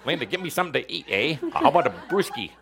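A man's voice: sing-song, rapid-fire, vocal fry, a crowd in the background. A man putting on an exaggerated Wisconsin accent as a folksy young beer-loving guy. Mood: demanding. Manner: exaggerated folksy drawl, raised pitch.

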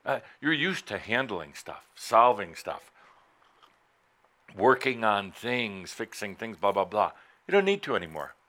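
Bright, forceful man teaching playfully. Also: fairly low pitch, big pitch swings. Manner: playful, teasing, swings between loud bursts and soft slow asides. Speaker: spiritual teacher. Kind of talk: live motivational talk to an audience.

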